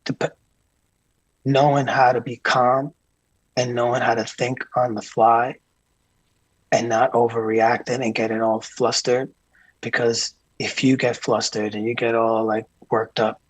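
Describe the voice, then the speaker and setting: A man being interviewed as a guest, a tour manager telling calm, earnest stories with frequent restarts. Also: mid-range voice, unhurried, breathy edge, dry recording, low-quality recording. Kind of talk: casual interview chat.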